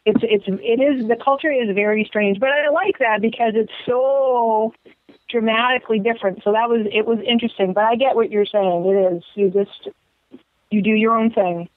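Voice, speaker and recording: A woman's voice: on the high side, fairly even intonation, normal speed. Woman on a tinny line, reflective. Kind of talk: casual interview chat.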